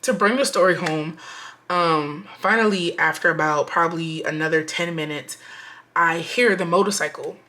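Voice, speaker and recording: A young woman telling a chatty storytime on her vlog, animated and slangy, talking straight to her viewers. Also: on the low side, normal speed. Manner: animated, slangy, lots of "like" and "y'all". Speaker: budgeting vlogger.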